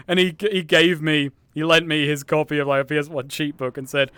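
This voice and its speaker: A man's voice: fairly high pitch, level tone, moderate pace, bright, forceful tone, a little hiss or hum. A man playing a VR game on stream, laid-back, laughing and narrating what he does as he chats. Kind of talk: casual gaming chat.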